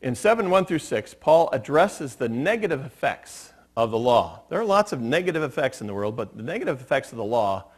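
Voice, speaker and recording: A man preaching a sermon as pastor, relaxed and conversational, mixing humor and stories into his teaching in a church. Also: medium pitch, fairly quick, hardly any pauses. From United States. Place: church sanctuary.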